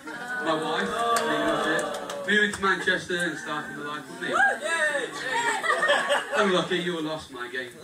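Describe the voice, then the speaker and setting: Here a groom with a fairly high voice jokes and thanks the guests directly during his wedding speech, and the recording is very noisy. Sound bounces around the reception hall, the microphone is distant, and a boisterous crowd keeps laughing and talking.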